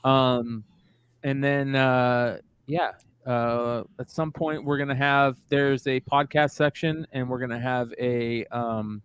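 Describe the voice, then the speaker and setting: A man's voice: mid-range voice, steady tone, takes it slowly, a bit bright, clear, resonant tone, no room sound. A man hosting a casual podcast, steering topics with hesitant ums and uhs. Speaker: podcast host.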